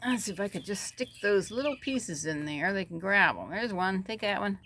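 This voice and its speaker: A woman's voice: mid-range voice, lively intonation, normal speed, fairly bright tone, slight background noise. A woman chatting about her backyard chickens, rambling and cooing at the birds, recorded outdoors on a phone. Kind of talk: casual chat. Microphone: phone camera.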